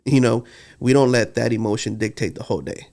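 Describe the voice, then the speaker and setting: A man's voice: mid-range voice, a little fast, vocal fry, darkish tone. A man, telling heartfelt stories in a casual podcast conversation. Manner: earnest, heartfelt storytelling. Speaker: podcast co-host.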